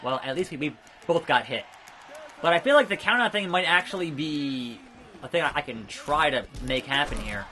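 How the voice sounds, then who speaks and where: A man's voice: fairly high pitch, expressive, normal speed, sharp tone. A man giving chatty, rambling let's play commentary, blurting out move names as he plays a wrestling game. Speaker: gaming video creator.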